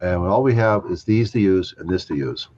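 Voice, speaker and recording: An older man, a chiropractor guest, telling lively anecdotes in an interview, acting out the other people in his stories and chuckling along. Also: deep voice, normal speed. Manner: animated anecdotes, acting out quoted voices, chuckling. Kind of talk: storytelling interview. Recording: dull lo-fi dry sound.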